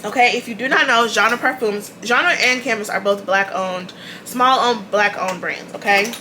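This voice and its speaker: Chatty woman vlogger, bright crisp voice, repeats stuff, laughs a lot, little bit of hiss. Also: mid-range voice, normal speed. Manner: chatty, repeats key points, laughs often. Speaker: beauty channel host. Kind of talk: casual chat to camera.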